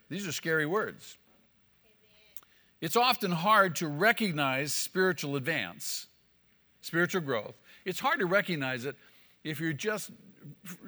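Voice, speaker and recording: A man's voice: fairly high pitch, pushed and bright. A male pastor preaching an emphatic sermon, repeating key phrases for weight. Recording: long hall reverb.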